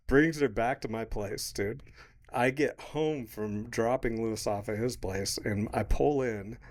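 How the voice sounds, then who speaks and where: A man in his thirties with a fairly low voice spins a long, rambling tale for a podcast. He swears freely, quotes people as he goes and keeps breaking into laughter. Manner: rambling, swearing, laughing mid-story, quoting others. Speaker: podcast co-host. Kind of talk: casual storytelling chat.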